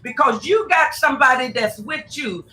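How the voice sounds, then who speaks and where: Here the woman's voice is high and bright, forceful, with lively intonation at a moderate pace. She's a spiritual advisor from Tacoma, Washington, guesting on a radio show and preaching casually, exclaiming and calling the host "girl" and "honey." Faint noise and echo fill the room.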